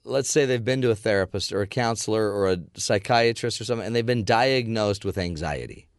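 Chatty male host, lowish voice, dry close sound. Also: clean tone, no echo. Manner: chatty, quick interjections, laughs easily. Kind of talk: casual chat.

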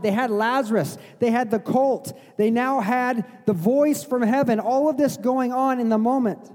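Middle-aged male pastor, high voice, casual storytelling sermon in a reverberant sanctuary. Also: a little mellow. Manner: conversational preaching, acts out voices of the crowd. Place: church sanctuary.

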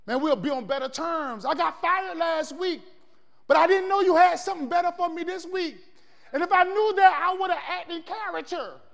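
A man with a very high voice preaches a sermon, calling out to the congregation and asking them for answers. His delivery swings from shouting to hushed, and a long reverb hangs behind every word. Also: moderate pace, vocal fry.

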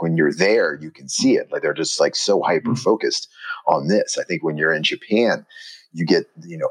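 A man with a deep, low-pitched voice, speaking as a guest in a conversation. He muses aloud, restarts his sentences, and leans heavily on fillers as he works through his thoughts. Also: creaky, breathy edge, poor audio. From United States. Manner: rambling, filler-heavy, reflective. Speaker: guest, watch industry professional. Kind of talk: conversational interview.

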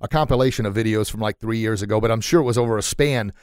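A man hosting a podcast interview in a small sound room, excitable and quick to laugh, often stumbling over his words. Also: fairly low pitch, clear, resonant tone, no room sound, studio quality. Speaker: podcast host. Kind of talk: casual chat.

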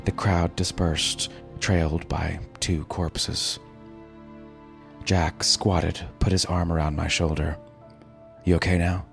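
A man reading a first-person story aloud in a measured, dramatic narrating voice. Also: deep voice, little pitch movement, creaky, a bit bright. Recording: narration over background music.

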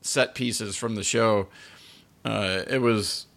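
A man with a somewhat low voice hosts a podcast in a relaxed, halting way. He pauses often and pads his sentences with fillers as he gathers his thoughts. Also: gravelly. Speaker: podcast host. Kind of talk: casual chat.

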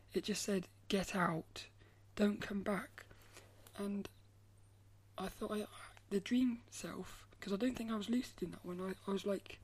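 Speaking in a mid-range voice, this artist vlogger chats casually to the camera. She's soft-spoken, frequently drops to a breathy half-whisper, and wanders off, restarting her phrases.

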